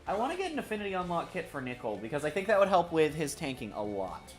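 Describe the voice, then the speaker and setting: A man's voice: on the high side, wildly swooping pitch, fast talker, echoey room. A man giving rambling, joking commentary while live streaming a game, with mild swearing. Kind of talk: casual live gameplay commentary. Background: game music.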